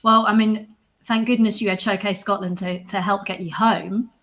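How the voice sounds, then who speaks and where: A woman's voice: mid-range voice, fairly even intonation, moderate pace, fairly bright tone. A woman co-hosting an online show, chatting casually with brief friendly remarks. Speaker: co-host.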